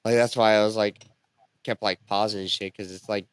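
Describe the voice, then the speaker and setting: A man's voice: on the low side, fairly even intonation, brisk, smooth, dry recording. A man co-hosting a casual podcast chat, rambling and packing his talk with fillers.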